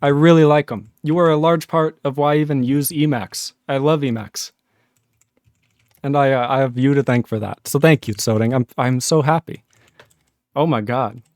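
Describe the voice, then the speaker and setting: A man hosting a programming livestream, chatting casually and excitably, rambling with quick laughs. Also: medium pitch, no echo, clean studio sound. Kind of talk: casual livestream chat while coding.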